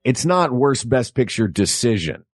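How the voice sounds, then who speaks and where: A man co-hosting a comedic podcast, arguing precisely over wording in a lively way. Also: mid-range voice, measured pace, no echo, studio quality. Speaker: podcast co-host.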